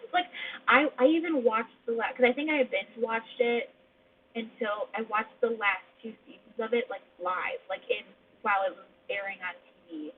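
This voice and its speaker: A woman with a Midwestern accent hosting a casual live chat about TV shows, rambling and laughing often as she talks from home. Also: mid-range voice. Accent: Midwestern American. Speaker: host. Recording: muffled phone-like audio with faint hum.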